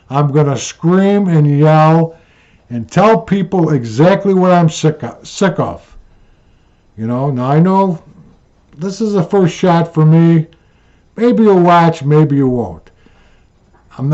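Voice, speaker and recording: A man rants and tells stories in a slow, unhurried drawl, a little high for a man. He is blunt and repeats himself, and the recording sounds dull and lo-fi. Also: a little mellow. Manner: blunt, repetitive, plain-spoken. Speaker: channel host. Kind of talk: ranting vlog storytelling.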